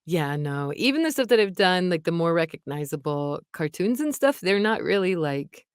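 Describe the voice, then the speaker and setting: A young woman with a fairly low voice talks casually about her narration work. She laughs often and fills her talk with "like" and "um", recorded close and dry with no room sound. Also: sing-song, moderate pace, smooth, no echo. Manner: chatty, laughs often, many fillers. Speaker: audiobook narrator, guest. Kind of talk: casual interview chat.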